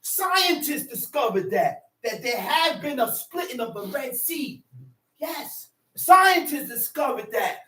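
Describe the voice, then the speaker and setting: A high-voiced man preaching with fire, rising into shouts and circling back on the same phrases. His voice rings around an echoey room. He sounds set back from the mic. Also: sing-song, takes it slowly, recorded from a distance. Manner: shouts emphasis, repeats phrases, call-and-response. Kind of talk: fiery sermon teaching.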